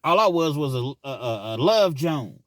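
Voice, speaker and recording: A man's voice: mid-range voice, expressive, fairly quick, bright, forceful tone, dry recording. A man telling a personal story in casual, slangy talk as a vlog host. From Kentucky, US.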